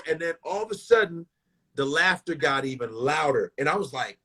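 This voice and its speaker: A middle-aged man, a stand-up comedian, telling stories in a profane, animated way, often restarting his sentences. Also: high-pitched, brisk, creaky, a little hiss or hum. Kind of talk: casual storytelling.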